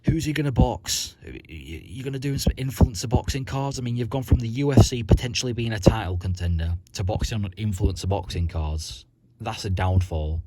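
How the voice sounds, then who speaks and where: A man's voice: on the low side, expressive, fairly quick, background noise. A man ranting about the sport in a blunt, profane, rambling vlog. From Britain. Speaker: vlogger.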